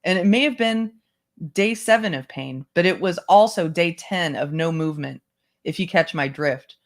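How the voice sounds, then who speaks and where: A book club host reads a memoir aloud to an online group, keeping a measured, even delivery in a mid-range voice. Short asides to the listeners break in now and then between passages. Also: medium pitch. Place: home setup, online stream.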